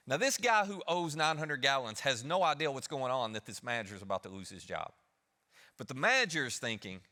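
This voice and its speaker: A man's voice: mid-range voice, big pitch swings, fast talker, bright, forceful tone. A male pastor preaching a sermon, telling a story conversationally, acting out the characters and putting questions to the congregation. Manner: conversational, asks the audience questions.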